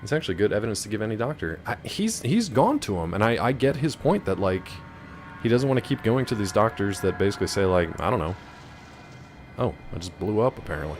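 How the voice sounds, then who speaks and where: A man streaming a game, chatting casually and wryly with viewers. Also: fairly low pitch. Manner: chatty, wry, rambling. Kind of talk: casual live-stream chat.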